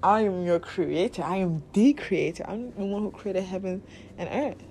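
A woman's voice: mid-range voice, normal speed, darkish tone, a little hiss or hum. A woman from Nigeria hosting a podcast, talking in a casual, candid, profane way, laughing often and leading affirmations. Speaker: podcast host. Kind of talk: casual spiritual podcast monologue.

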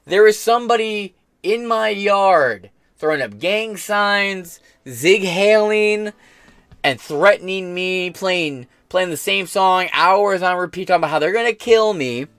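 A man's voice: high-pitched, lively intonation, measured pace, a bit bright, clean tone, no room sound. An American man hosting a podcast, reacting to news in a blunt, profane rant. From United States. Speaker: podcast host. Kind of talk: casual reaction commentary.

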